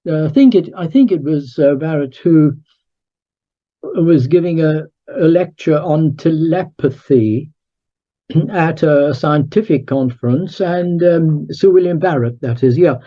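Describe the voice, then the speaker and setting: A man speaking as an author and guest in an interview, measured and emphatic, as if lecturing. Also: on the high side, highs cut off. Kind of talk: conversational interview.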